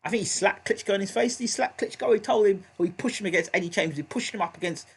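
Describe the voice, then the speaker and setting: Man, husky voice, pitched a bit high, heated repetitive boxing rant, live reaction host. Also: quick pace. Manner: emphatic, repeats points heatedly.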